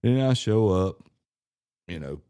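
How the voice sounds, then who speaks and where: A man's voice: fairly low pitch, animated, takes it slowly, warm tone, clear, resonant tone, dry recording, studio quality. A man on a podcast telling a casual, profane family story, laughing and acting out what people said. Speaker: podcast co-host.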